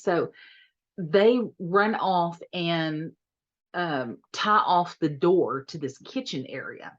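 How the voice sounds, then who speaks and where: Woman, casual movie review, chatty and giggly, low voice, dull lo-fi sound. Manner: chatty, giggly, repeats words.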